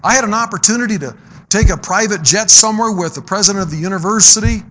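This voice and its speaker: High, bright-voiced man preaching. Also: fast talker, a little hiss or hum. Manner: swings from loud emphatic exhortation to low quiet storytelling. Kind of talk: sermon.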